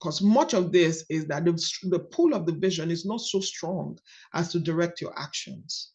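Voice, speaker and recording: A woman's voice: fairly low pitch, lively intonation, normal speed, a little mellow, highs cut off. A woman leading a book study coaching call, repeating key phrases for emphasis.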